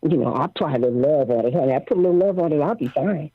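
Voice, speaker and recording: Animated older woman on a phone line. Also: low voice, fast talker, dry recording. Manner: animated storyteller, acts out quotes. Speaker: guest singer. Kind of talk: casual interview over the phone.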